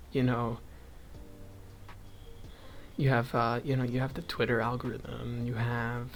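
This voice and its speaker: A man's voice: mid-range voice, a bit bright. Young guy rambling off on tangents, little laughs, casual chat while crocheting. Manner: chuckles often, thinks aloud while counting stitches. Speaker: vlogger.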